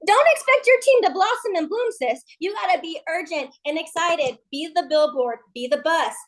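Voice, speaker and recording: A woman leads a motivational team call with a high, lifted voice. She gushes and pushes in a chatty, relentless way. Her delivery is a steady sales pep talk. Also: normal speed, rough recording. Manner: gushing, pushy and chatty. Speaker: MLM team leader on a team call.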